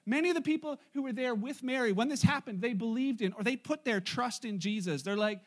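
A man's voice: very high voice, fairly quick. A man preaching a sermon in church, retelling a Bible story in a casual, joking way to his congregation. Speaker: pastor.

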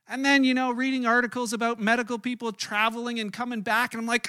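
High bright-voiced pastor, storytelling. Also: male voice, fast talker, hardly any pauses. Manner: animated, self-mocking anecdotes with acted-out quotes. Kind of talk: storytelling sermon.

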